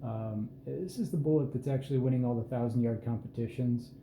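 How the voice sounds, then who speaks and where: Man, host, casual bench walkthrough; very dark, mellow voice; roomy echo, faint background hum. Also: mid-range voice. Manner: unhurried, plain-spoken, self-deprecating asides. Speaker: host showing his hand loads. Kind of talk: casual hands-on explanation. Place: indoor reloading bench.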